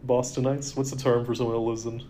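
A man's voice: medium pitch, flat delivery, fast talker, warm tone, slight background noise. Laid-back man rambling on a podcast. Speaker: podcast co-host. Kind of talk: casual chat.

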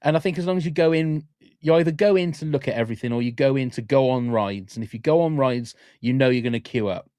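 A man's voice: medium pitch, quick pace, warm tone, dry recording, clean studio sound. A man hosting a casual podcast chat, enthusiastic and rambling, full of fillers and restarts. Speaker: podcast host.

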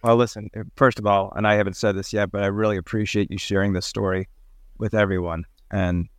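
Guy hosting an interview, lowish voice, gentle questions, dry sound. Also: flat delivery, brisk, clear, resonant tone, dry recording. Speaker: host, interviewer.

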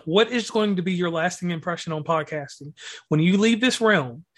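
Male podcast host, fairly high pitch, rambling slangy praise. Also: moderate pace, a bit bright. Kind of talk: casual interview talk.

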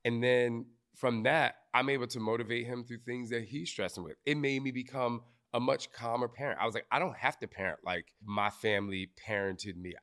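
A man's voice: mid-range voice, a little fast, hardly any pauses, fairly bright tone, clean tone. A man hosting a live podcast recording, talking candidly and emotionally to an audience, swearing casually. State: briefly tearful. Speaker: podcast host.

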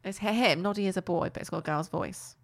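A woman, chatting casually as a co-host and retelling a cartoon plot with lively, playful put-on voices. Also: fast talker, creaky. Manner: animated storytelling with squeaky put-on character voices. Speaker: podcast co-host.

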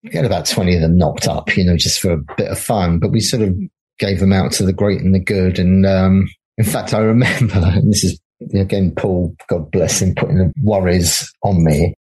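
A middle-aged graphic designer and film producer chats as a guest in a casual interview, telling anecdotes, laughing often, and acting out the voices of people he quotes. His voice is deep, steady, husky, and darkish, at a moderate pace.

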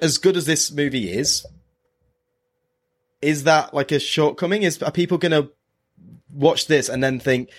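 A man co-hosting a podcast in casual chat, talking in a hesitant, rambling way. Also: a little high. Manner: chatty, hesitant, full of restarts. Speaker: podcast co-host.

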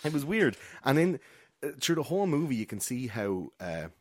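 A man co-hosting a casual film chat, swearing freely and acting out quotes in loud, high voices. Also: very animated, normal speed, slight background noise. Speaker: podcast co-host.

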